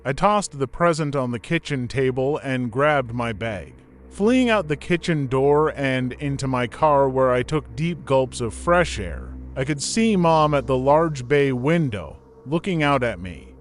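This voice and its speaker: A man narrating a scripted horror story in a steady, measured reading. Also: mid-range voice, slight background noise.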